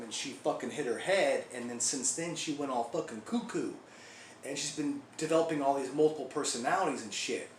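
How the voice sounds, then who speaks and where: A man's voice: medium pitch, close to an everyday voice. A man doing a foul-mouthed rambling biker. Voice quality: profane, rambling storyteller. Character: crude foul-mouthed male biker gang member. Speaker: actor performing a monologue. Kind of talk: comic acted monologue. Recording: echoey room, faint background hiss.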